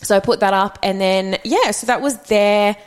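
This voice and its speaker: Woman, young, podcast co-host, rambling, laid-back, mid-pitched voice. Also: moderate pace, clear, resonant tone. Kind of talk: casual chat.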